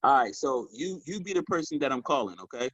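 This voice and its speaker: A man coaching a group on sales, talking in a casual, animated way and calling them y'all. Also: mid-range voice, quick pace, husky, no room sound, rough recording. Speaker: sales trainer. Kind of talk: motivational training talk.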